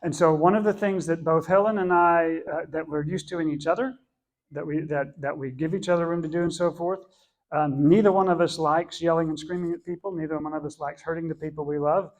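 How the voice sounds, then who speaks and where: A man's voice: a little high, steady tone, brisk. Earnest man teaching a church class. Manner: earnest, repeats and rephrases as he explains.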